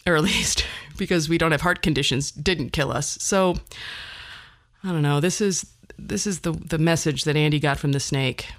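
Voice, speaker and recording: A podcast host telling a story in a rambling, wry, casual monologue with frequent laughs, closing with an upbeat pep talk. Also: mid-range voice. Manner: rambling and wry, laughs often between phrases.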